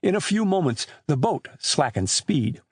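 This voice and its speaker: Male audiobook narrator, expressive and animated, slightly higher voice, dry close recording. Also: measured pace, slightly rough, dry recording. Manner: animated reading with lively shifts for characters. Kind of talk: scripted narration.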